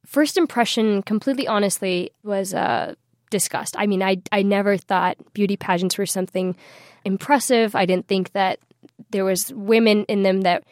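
A young woman telling a story in a radio interview, bubbly and quick to laugh. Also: medium pitch, no echo, clean studio sound. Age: young adult. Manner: bubbly, laughing, animated retelling. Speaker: interview guest, scholarship winner.

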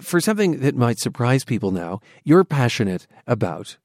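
Lively male radio interviewer, dry sound. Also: medium pitch, moderate pace, dry recording. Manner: friendly, lively questioning. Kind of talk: broadcast interview.

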